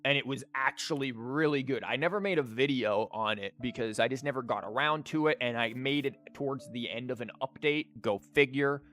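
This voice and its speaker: A man's voice: medium pitch, fairly quick, hardly any pauses, a bit bright. A man with a sore throat, chatting casually as he comments on a card game, rambling with fillers. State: sore throat, losing his voice. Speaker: streamer and teacher. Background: game music.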